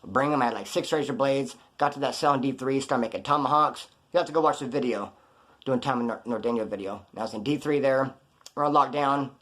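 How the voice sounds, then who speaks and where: A man's voice: mid-range voice, fast, fairly bright tone. A man telling stories casually to the camera in a blunt, profane, streetwise way. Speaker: storyteller recounting prison experiences.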